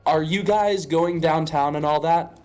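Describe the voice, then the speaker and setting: A young man from Western Pennsylvania hosts a casual stream chat, wandering from point to point with a jokey, rambling flow. His voice sits a bit high. Quiet music plays faintly behind him. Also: unhurried. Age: young adult. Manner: rambling, joking, fillers.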